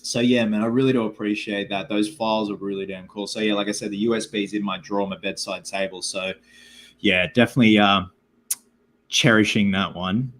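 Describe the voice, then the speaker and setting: A man's voice: on the low side, fairly even intonation, brisk, fairly bright tone. A man hosting a casual live-stream Q&A, rambling and chatty with lots of filler words as he reads viewer comments aloud. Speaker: livestream host.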